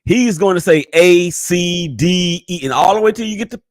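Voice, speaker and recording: A man's voice: sits high, dry recording. Joking podcast host, a man. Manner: jokey, moderating, quick to move things along. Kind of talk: casual sports chat.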